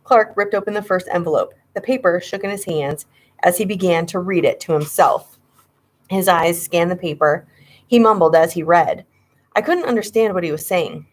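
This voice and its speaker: A woman's voice: on the low side, moderate pace. A woman narrating a children's horror story, reading with dramatic suspense. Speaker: audiobook reader.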